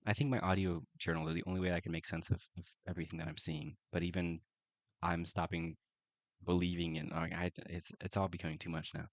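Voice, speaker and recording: A man playing a solo folk-horror tabletop game, reading the prompts aloud and reacting with excited exclamations. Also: sits low, fast talker, dry recording. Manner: excitable, keeps saying oh my goodness. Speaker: solo tabletop RPG player.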